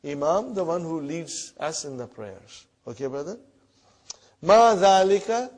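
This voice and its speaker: A man teaching a classroom Arabic lesson in English, repeating words slowly and checking in with the students as he goes. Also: on the high side, lively intonation, darkish tone. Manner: repeats words slowly, often asks "huh?" and "brother".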